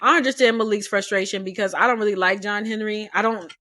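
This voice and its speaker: A woman co-hosting a casual book club discussion, animated and opinionated, acting out the characters' lines as she talks. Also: mid-range voice, fast talker, no room sound.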